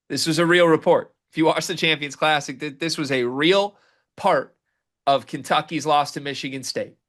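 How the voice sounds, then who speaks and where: A man hosting a casual sports podcast with a middle-pitched voice. He rambles with an emphatic, incredulous manner. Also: a bit bright.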